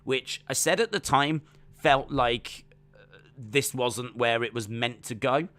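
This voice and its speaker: A man's voice: medium pitch, slow pace, fairly bright tone, dry recording. A man chatting casually as a wrestling watch-along streamer, rambling with lots of fillers. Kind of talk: casual live-stream commentary.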